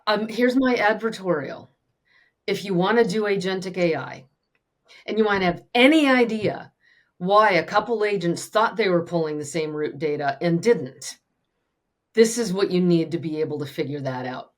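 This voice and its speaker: A woman's voice: lowish voice, lively intonation, moderate pace. A woman talking as a podcast guest in a wry, direct way. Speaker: guest, tech expert. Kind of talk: casual podcast conversation.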